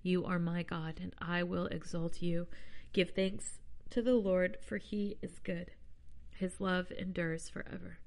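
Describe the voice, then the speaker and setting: Woman host, low pitch, reads scripture plainly, casual between passages. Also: fairly even intonation, unhurried, gravelly, darkish tone. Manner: chatty, self-deprecating asides. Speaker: podcast host. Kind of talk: reading scripture aloud with casual asides.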